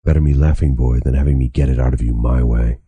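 A man reading as a gruff hulking warrior. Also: extremely low pitch, fairly even intonation, fast, dark tone, no room sound, dull audio, heavily acted. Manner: blunt, menacing.

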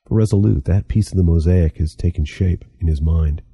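A man voicing a patient, wry older guide in an audiobook, calm and reasoning. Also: low voice, fairly quick, creaky, husky, no echo, full character voice. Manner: calm, reasoning and gently teasing. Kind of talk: audiobook character reading.

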